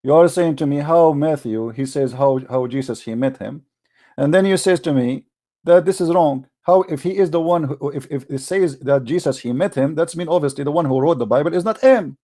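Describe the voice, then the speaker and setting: Combative, slightly high-voiced male debate host. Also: a little fast, dark tone. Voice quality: non-native English phrasing. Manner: combative, mocking, repeats himself. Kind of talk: heated religious debate.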